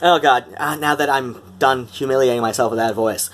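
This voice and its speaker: A man's voice: medium pitch, a little fast, a bit bright. Rambling man in Mid-Atlantic accent. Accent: put-on Mid-Atlantic. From Metro Detroit, USA. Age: middle-aged. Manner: rambling, many fillers and restarts, wry. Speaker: vlogger. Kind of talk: casual talk to camera.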